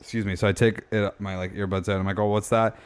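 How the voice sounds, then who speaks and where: A man's voice: on the low side, fast. A young man casually telling a story on a podcast, acting out both sides of the talk and swearing freely. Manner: animated storyteller, swears a lot, acts out quotes. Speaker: podcast co-host.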